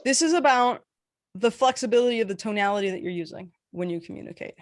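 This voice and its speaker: A woman teaching a casual workshop, animated with playful asides as she demonstrates intonation. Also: mid-range voice, quick pace, no echo, clean studio sound. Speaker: workshop facilitator.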